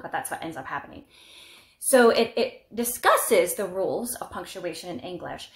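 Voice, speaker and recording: A woman's voice: medium pitch, a bit bright. Young woman gushing about books, lots of restarts, roomy echo. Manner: enthusiastic, rambling, many restarts and fillers. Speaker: book vlogger. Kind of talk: casual book review. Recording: echoey room.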